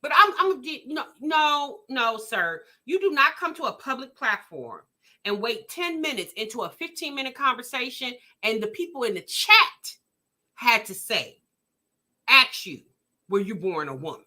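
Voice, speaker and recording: A woman hosting a reaction vlog, chatting casually with her live chat in an animated, exclamatory way and often restarting her sentences. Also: on the high side, unhurried. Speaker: vlog host reacting to a video.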